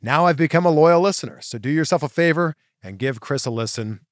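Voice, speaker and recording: A man's voice: fairly high pitch, animated, a little fast, dry recording, clean studio sound. A man hosting a podcast, opening the episode in an upbeat, chatty way. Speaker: podcast host. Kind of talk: podcast intro monologue.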